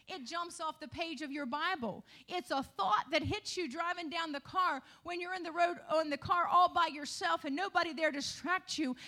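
A woman's voice: very high voice, pushed and bright. A middle-aged woman pastor preaching a sermon, putting rhetorical questions to her congregation.

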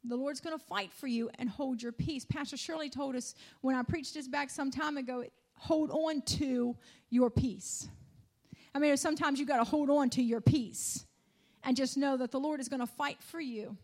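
A woman's voice: high voice, steady tone, fairly quick, darkish tone. A woman preaching a church sermon, calling out hallelujahs and asking the congregation to respond, building to emphatic declarations. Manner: call-and-response with frequent hallelujahs.

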